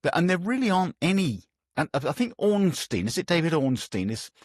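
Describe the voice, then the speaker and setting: A man with an English accent hosting a casual podcast chat, animated and given to swearing when worked up. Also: on the high side, brisk, no room sound, clean studio sound. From England. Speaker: podcast host.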